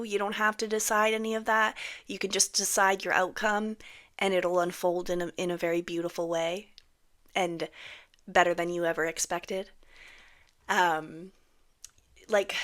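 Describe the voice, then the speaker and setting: A woman giving casual, blunt manifestation advice to camera, swearing freely and sometimes dropping into soft whispers for emphasis. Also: mid-range voice. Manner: blunt and sassy, frequent swearing, mocking quoted voices. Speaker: manifestation coach. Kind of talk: casual talking-head advice.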